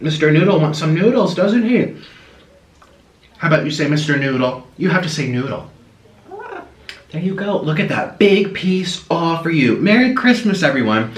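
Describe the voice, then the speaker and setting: Casual food vlogger guy, kinda high voice, roomy echo, chats away and coos at his pet. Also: animated, a little fast, hardly any pauses. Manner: chatty, coos at his pet between bites. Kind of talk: casual mukbang chat to camera. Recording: echoey room with faint noise.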